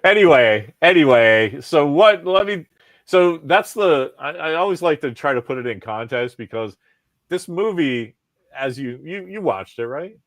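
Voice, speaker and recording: A man hosting a podcast, talking in a rambling, profane, animated way with lots of restarts. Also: on the high side, measured pace, no room sound. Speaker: podcast host. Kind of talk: casual chat.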